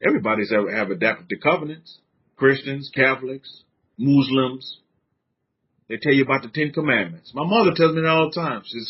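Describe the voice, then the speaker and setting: A man with a slightly rough, mid-range voice speaks briskly, giving an informal sermon as a religious teacher in San Antonio. He's fervent and conversational with casual slang, and the recording has a dull, lo-fi sound.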